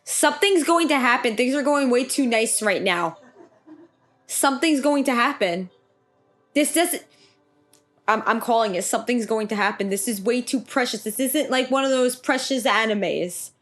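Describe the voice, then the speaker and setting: A woman giving casual first-watch reaction commentary on an anime, excitable, gasping and exclaiming, and swearing freely. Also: on the high side, normal speed, soft background music.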